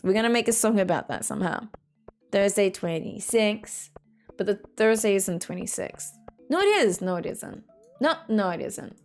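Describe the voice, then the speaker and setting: Woman, young adult, from Australia, game streamer, casual rambling chat, fairly high pitch. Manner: chatty, rambling, filler "like" in every sentence, quick to laugh. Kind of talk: casual chat reading out chat messages.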